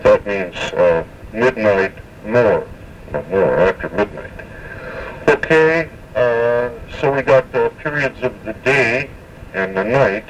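Slow, low-voiced man teaching vocabulary. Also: animated, distant mic, a little hiss or hum, rough recording. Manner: slow, careful, repeats words for pronunciation, many hesitations. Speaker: language teacher. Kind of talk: spoken language lesson.

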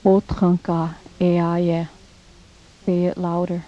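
A woman teaching a recorded language lesson, saying each phrase slowly and repeating it for practice, on a dull lo-fi cassette tape. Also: fairly low pitch, little pitch movement.

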